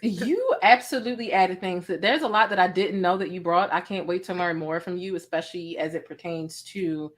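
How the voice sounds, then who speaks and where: A woman's voice: lowish voice, moderate pace, hardly any pauses. Blunt feisty woman host. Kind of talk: casual livestream commentary.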